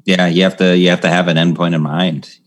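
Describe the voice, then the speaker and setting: A man hosting an interview, asking relaxed, somewhat hesitant questions about stand-up comedy. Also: deep voice, brisk. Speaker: podcast host.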